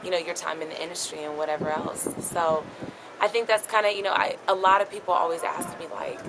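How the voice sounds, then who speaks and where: A woman's voice: on the low side, steady tone, fast. A woman, a radio host, chatting in a bubbly way during an outdoor street interview. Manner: bubbly, laughs often. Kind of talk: casual interview chat. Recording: very noisy outdoor street recording. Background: loud traffic.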